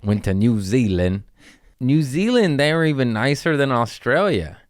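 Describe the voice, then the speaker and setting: Recording at home, a man hosts a podcast full of loose, jokey stories, casual chat, swearing and trailing asides. His mid-range voice is very animated at a moderate pace, and the sound is clean, studio-like, with no echo.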